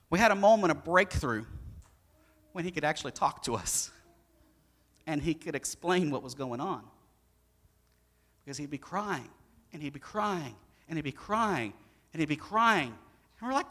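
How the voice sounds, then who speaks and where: A middle-aged man preaching a sermon, his delivery animated as it swings between loud bursts and hushed moments. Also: extremely high pitch. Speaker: pastor.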